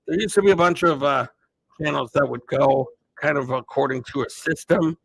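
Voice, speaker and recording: A man casually chatting to viewers on a live stream, rambling in a relaxed way. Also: a little high, moderate pace, vocal fry, husky, no echo, poor audio.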